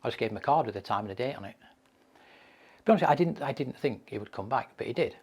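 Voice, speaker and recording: A man leads a mental health training session and talks through case stories. His voice is gravelly and husky, and he leans on repeated phrases for emphasis. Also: mid-range voice, expressive, quick pace, darkish tone. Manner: anecdotal, emphatic repetition.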